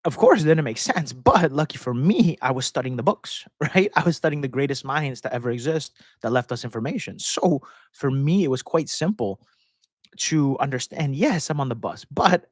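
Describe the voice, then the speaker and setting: In a relaxed live-stream Q&A, a host answers viewer questions in a rambling way at normal speed, frequently laughing mid-sentence. His middling-pitched voice is captured up close on a desk microphone, sounding dry without room echo.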